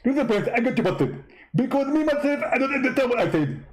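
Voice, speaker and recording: A man putting on a pompous preacher, shrill and bragging, bouncy delivery, comic skit. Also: very animated, quick pace, a little mellow, slight background noise, low-quality recording. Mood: boastful. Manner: pompous, gloating, high-pitched. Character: boastful smug male preacher, mocking impression.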